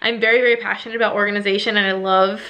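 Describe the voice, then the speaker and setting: A woman's voice: mid-range voice, little pitch movement, very fast, muffled recording. A young woman vlogger in late pregnancy, chatty and long-winded, touring her home organization and a little out of breath. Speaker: lifestyle vlogger. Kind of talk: casual home tour vlog.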